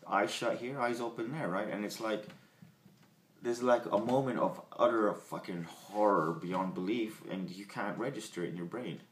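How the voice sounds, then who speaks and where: A man's voice: lowish voice, moderate pace. A man reviewing an album at home in a rambling, profane monologue full of fillers and digressions. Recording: roomy home recording with faint background noise.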